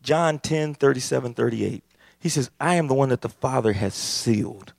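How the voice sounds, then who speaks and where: A man preaching a sermon, impassioned and building to shouts. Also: medium pitch, normal speed, vocal fry, no echo, clean studio sound. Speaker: pastor.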